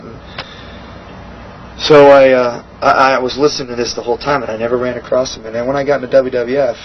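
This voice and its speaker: Middle-aged man, animated storyteller, blunt, swears freely, muffled recording with light hiss. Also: a little fast. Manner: animated storytelling, acts out quotes with raised pitch; profane, blunt. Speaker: interview guest. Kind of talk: shoot interview storytelling. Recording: dull lo-fi sound, faint hiss.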